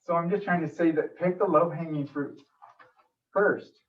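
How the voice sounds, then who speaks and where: A man's voice: fairly high pitch, moderate pace. A man giving an emotional, frustrated public comment at a city meeting. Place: council meeting room. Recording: distant dull room mic.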